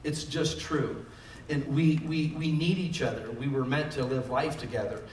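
A man's voice: mid-range voice, steady tone, normal speed, darkish tone, recorded from a distance, a little hiss or hum. A man preaching a sermon in a conversational style, building up emphasis on key phrases. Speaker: pastor. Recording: echoey room, voice from off mic.

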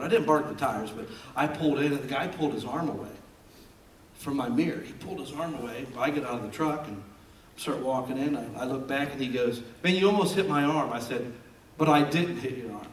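A man preaching a sermon as a pastor, an animated storyteller who jokes as he talks, recorded in a church sanctuary. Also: medium pitch, slight background noise. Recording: roomy and distant from the mic.

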